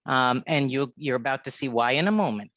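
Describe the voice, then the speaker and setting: A woman from India with an American accent leading an online leadership workshop, lively and checking in with a frequent "right?". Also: extremely low pitch, fairly quick, no room sound, lo-fi sound. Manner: lively, keeps asking "right?".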